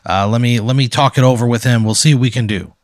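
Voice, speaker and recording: A man voicing a slim male boxing manager who talks in a smooth, salesy, businesslike way. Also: medium pitch, quick pace, no echo, clean studio sound, close to an everyday voice.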